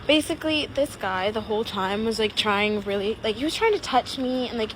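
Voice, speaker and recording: A young woman telling a story about a bad date, animated and swearing, with lots of "like" fillers. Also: on the high side, fairly quick, a little hiss or hum, rough recording. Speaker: social media storyteller. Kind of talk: storytime monologue. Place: outside her home.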